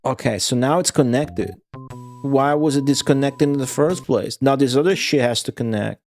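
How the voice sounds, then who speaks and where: A man's voice: mid-range voice, moderate pace, a little mellow, soft background music. A young man streaming a retro game, chatting casually and profanely with his viewers and answering their messages. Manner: profane, offhand, answers chat. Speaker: streamer playing retro games. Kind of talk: casual live-stream chat.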